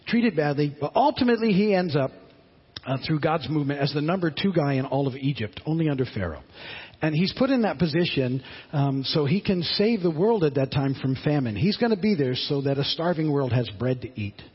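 A pastor telling a Bible story in a sermon, conversational and questioning the listeners. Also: male voice, fairly high pitch, expressive, brisk, husky. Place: church sanctuary. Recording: muffled audio in a reverberant hall.

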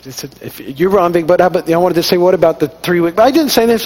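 A man's voice: high-pitched, lively intonation, fast talker, few pauses, a little mellow, a little hiss or hum. A middle-aged man giving an informal sermon, telling personal stories and acting out the dialogue in a conversational, self-deprecating way. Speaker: pastor.

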